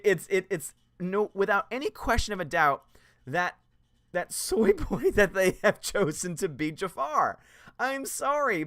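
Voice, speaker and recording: Guy ranting on his movie stream, sarcastic and emphatic, bright clean voice, dry close mic. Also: sits high, no room sound. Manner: emphatic, sarcastic, laughs often mid-sentence. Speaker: movie commentary channel host. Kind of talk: live-stream chat reading and rant.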